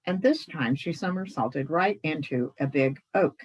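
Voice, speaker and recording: A woman reading a children's story aloud in an expressive, animated way. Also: sits low, a little slow, husky, rough recording. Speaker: club membership secretary reading a story.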